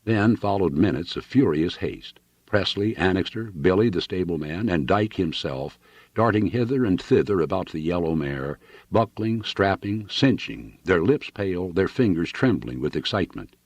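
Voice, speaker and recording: Deep husky male storyteller. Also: expressive, moderate pace, dry recording. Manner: dramatic, varied storytelling. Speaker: audiobook reader. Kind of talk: novel narration.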